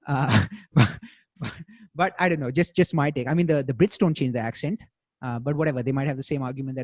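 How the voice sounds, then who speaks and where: A man's voice: mid-range voice, quick pace, no room sound. A man in his late twenties with an Indian accent, hosting a casual podcast chat in a blunt way, swearing freely and often restarting. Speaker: podcast host.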